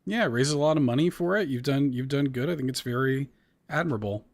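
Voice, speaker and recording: A man's voice: medium pitch, fast. A man co-hosting a casual gaming podcast, rambling with fillers and restarts. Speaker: podcast co-host. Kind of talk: casual chat.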